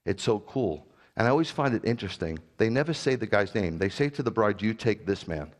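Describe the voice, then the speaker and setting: A middle-aged man preaching a sermon as pastor, animated and jokey, with sudden loud bursts. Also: lowish voice, brisk.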